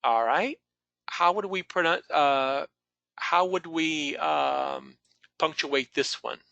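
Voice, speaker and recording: Male teacher, online class, patient, calls on students, gravelly, bright tone. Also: fairly high pitch, lively intonation, takes it slowly, no echo, lo-fi sound. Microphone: video call.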